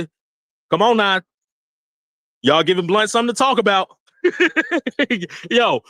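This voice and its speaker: Animated man ranting on a livestream. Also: sits high, no echo, studio quality. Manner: animated, laughing, swearing, repeats himself. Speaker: livestream host. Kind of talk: casual livestream rant.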